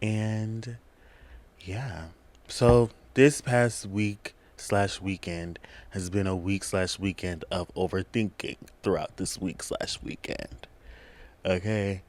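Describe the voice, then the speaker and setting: Animated, slangy young man hosting a podcast. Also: deep voice, slow, no room sound. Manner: chatty, slangy and animated, laughing often. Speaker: podcast host. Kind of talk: casual solo podcast chat. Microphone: camera on a tripod.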